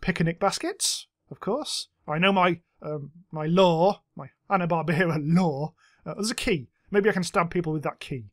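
A man hosting a let's-play, giving excitable gameplay commentary and yelping and swearing at the game. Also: fairly high pitch, moderate pace, dry recording, clean studio sound.

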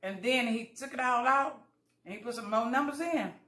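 A woman's voice: a little high, normal speed, pushed and bright, roomy sound, a little hiss or hum. A woman chatting casually to viewers while eating, telling folksy stories and acting out both sides of conversations. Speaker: vlogger. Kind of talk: casual eating vlog chat.

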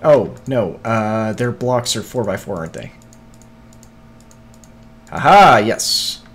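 A man's voice: lowish voice, animated, slow, fairly bright tone. A man streaming a video game, muttering to himself in casual, scattered chatter with frequent swearing and hiccups.

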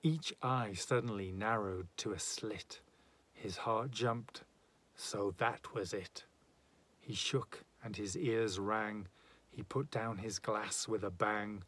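A man giving a dramatic, rhythmic reading of a rhyming narrative poem. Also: on the low side. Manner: measured, rhythmic verse delivery. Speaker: poetry reader.

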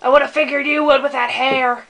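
A woman's voice: high-pitched, flat delivery, brisk, fairly bright tone, a little hiss or hum. A woman improvising comic dubbing, sarcastic, crude and exasperated. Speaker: comic dubber.

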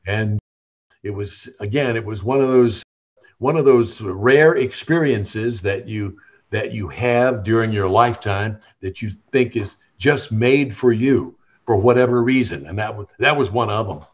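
A man's voice: on the low side, measured pace, muffled recording. An older man from Tennessee with a light Southern accent, a veteran radio host telling stories in an interview and acting out the quoted lines. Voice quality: smooth, polished broadcaster delivery. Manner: animated, acts out quoted dialogue. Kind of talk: storytelling reminiscence.

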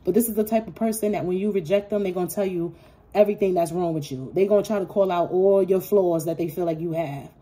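A woman giving a casual tarot reading, blunt and profane, acting out imagined quarrels in an animated way. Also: on the low side, quick pace. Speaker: tarot reader.

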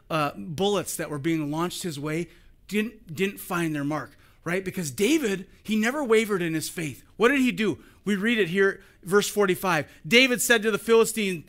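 A male pastor giving a sermon, acting out the story and swinging between loud and soft. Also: sits high. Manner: animated, acts out the scenes with shifting volume.

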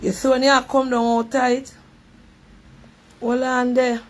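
A woman with a Jamaican accent telling a lively story in patois on her live stream. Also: sits high, measured pace. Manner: animated, repetitive patois storytelling.

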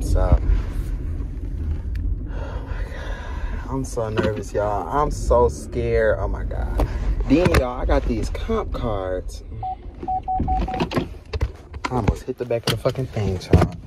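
A young man, talking casually to his viewers in a vlog from a car, excitable and swearing freely. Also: lowish voice, slow, long pauses, very noisy. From Michigan. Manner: chatty, excitable, keeps addressing viewers as y'all, swears freely. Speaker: vlogger and stylist.

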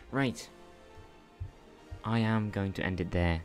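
Young man, very low voice, casual game commentary, thinks aloud, faint music under. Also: takes it slowly. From not Irish. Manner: chatty, self-mocking, thinks aloud. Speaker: gaming channel host. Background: faint game music and keyboard typing.

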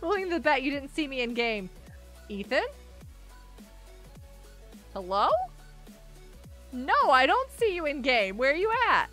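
A woman's voice: high voice, very animated, measured pace, long pauses, sharp tone, soft background music. A young woman streaming a game live, bubbly and exclaiming, chatting with viewers as she plays. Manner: bubbly, exclaims and laughs often, talks to chat.

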